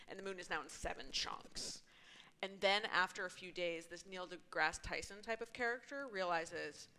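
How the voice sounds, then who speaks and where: Female podcast panelist, eager storyteller, slightly low and bright. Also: moderate pace, low-quality recording. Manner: enthusiastic storyteller. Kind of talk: casual book-club podcast chat.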